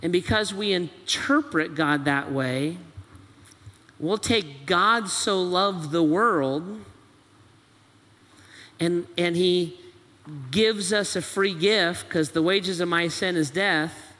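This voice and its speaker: High, bright-voiced preacher in a reverberant hall. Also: male voice, slow, pauses often. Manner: presses with repeated rhetorical questions. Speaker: pastor. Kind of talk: sermon. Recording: long reverb of a large hall.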